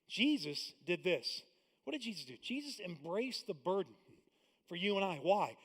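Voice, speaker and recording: A male pastor with a high, bright voice preaches in a large church auditorium, his words ringing out with a long hall reverb. He talks conversationally, tossing in quick jokes, then swings from loud, emphatic lines to hushed, intimate asides. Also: big pitch swings. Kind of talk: sermon.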